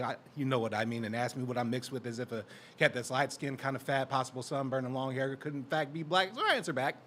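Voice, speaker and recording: A man from Portland, Oregon performing a defiant, profane spoken word poem at an open mic, his voice building to shouted lines. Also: medium pitch, slight background noise. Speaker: performing poet. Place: live open mic in a community center.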